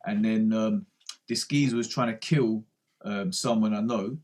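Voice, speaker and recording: A man's voice: fairly low pitch, unhurried, a little mellow. A man, co-hosting a podcast in casual chat, slangy and repeating himself. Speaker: podcast co-host.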